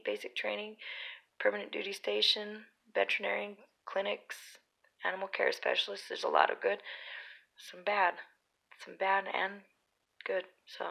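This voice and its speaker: A woman's voice: medium pitch, vocal fry, sharp tone, low-quality recording. A young woman from Utah telling rambling stories in a casual vlog, full of fillers. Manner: chatty, rambling, lots of fillers. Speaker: vlogger. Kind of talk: casual storytelling.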